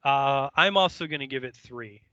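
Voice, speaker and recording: A man co-hosting a casual podcast, easygoing with a deadpan sarcastic streak. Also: medium pitch, normal speed, no room sound, lo-fi sound. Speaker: podcast co-host. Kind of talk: casual chat.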